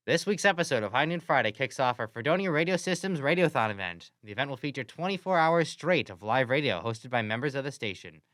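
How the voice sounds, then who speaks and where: A young man reads the station's announcements at a quick, upbeat clip. His voice comes through smooth and clear. The studio mic is dry and close. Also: mid-range voice, expressive, fairly bright tone, no room sound. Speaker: radio host. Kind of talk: scripted college radio hosting.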